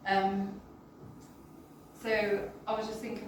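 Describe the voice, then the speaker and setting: A British woman telling her personal health story to an audience in a halting, emotional, apologetic way. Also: medium pitch, steady tone. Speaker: guest sharing a personal testimony. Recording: roomy, distant, with background noise.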